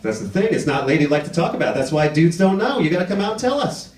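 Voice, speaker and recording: A man's voice: a little high, big pitch swings, fast talker, a little mellow. A man performing a stand-up comedy set in a theater, acting out the people he quotes in put-on voices. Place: live comedy theater with audience laughter. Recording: roomy live recording from a distance.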